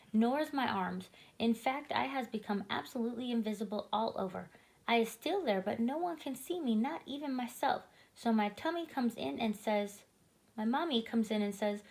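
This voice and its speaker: A woman's voice: a little high, low-quality recording. Woman reading a children's book aloud. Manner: expressive, animated read-aloud. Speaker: storyteller.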